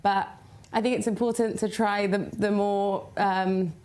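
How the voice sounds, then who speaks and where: A woman's voice: medium pitch, level tone, a little slow, darkish tone. A woman guest in a TV studio, earnestly explaining a traditional dessert. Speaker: podcaster and recipe developer. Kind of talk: studio interview.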